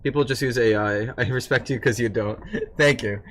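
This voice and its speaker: A man's voice: mid-range voice, moderate pace, fairly bright tone. A man livestreaming in casual chat, who swears freely, teases and scolds his dog in a lifted voice, and laughs often while answering viewers.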